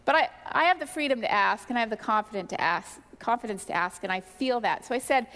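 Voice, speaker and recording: A middle-aged woman sharing a candid, animated personal testimony from the pulpit. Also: a little high, fast, few pauses. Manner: candid, animated storytelling with self-deprecating asides. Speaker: pastor's wife sharing testimony. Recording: reverberant church hall.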